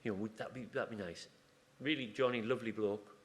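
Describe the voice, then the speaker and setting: A man speaking at a conference in a fairly low voice. He talks in a loose, chatty way, wandering into asides and stories and often restarting his sentences mid-thought. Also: fairly even intonation, a little fast. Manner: chatty, rambling, self-interrupting with asides and restarts. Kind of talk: informal conference talk. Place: conference room.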